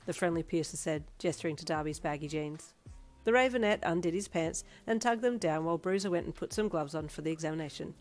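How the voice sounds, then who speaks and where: Woman narrator, fan fiction reading, low-ish voice, even, faint backing music. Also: quick pace. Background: faint instrumental music.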